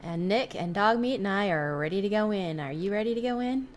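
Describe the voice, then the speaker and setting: A woman's voice: mid-range voice, lively intonation, fairly quick, a little hiss or hum. A young adult woman giving casual let's-play commentary, gushing and flustered as she plays. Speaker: gameplay host.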